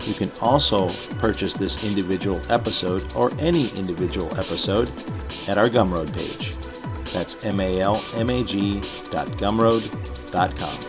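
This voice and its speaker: A man's voice: low-pitched, normal speed. A man hosting a podcast, reading upbeat scripted closing announcements. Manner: upbeat promotional read. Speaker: podcast host. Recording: voice over background music.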